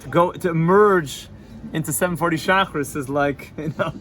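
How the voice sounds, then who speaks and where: A rabbi gives an informal Torah class, joking and animated as he mixes in Hebrew and Yiddish terms. His male voice sits a touch high. A faint hum of the room lies behind him. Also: moderate pace. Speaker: yeshiva rabbi teaching students.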